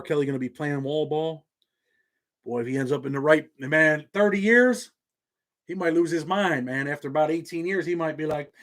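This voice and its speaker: A man's voice: on the high side, fairly bright tone. A man with a Southern accent hosting a live stream from his home office, talking in laid-back street slang. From Indiana. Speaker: channel host.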